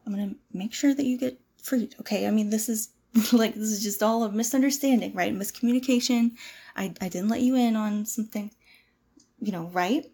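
A woman's voice: medium pitch, fairly quick, dark tone, breathy edge. A woman playing a frightened young woman in an audio role-play drama, pleading with a possessive captor. She stammers and drops into whispers. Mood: soothing, shaky.

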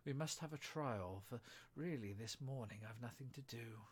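A man's voice: mid-range voice, breathy edge, lightly acted. A man reading aloud and voicing a proud, easily offended little mouse that speaks severely. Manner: stiff, severe and slow.

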